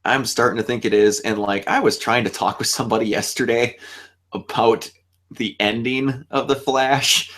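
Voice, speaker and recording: A young man hosting a casual fan chat, animated and laughing often, acting out lines as he talks. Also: medium pitch, moderate pace. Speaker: show host.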